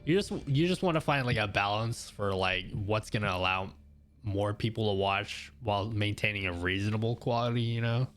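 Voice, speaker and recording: On a live stream, a man chats casually with his viewers, rambling easily and laughing often. His voice is lowish and fairly bright, moving at a moderate pace. He uses a studio mic routed through an audio mixer, with faint music in the background.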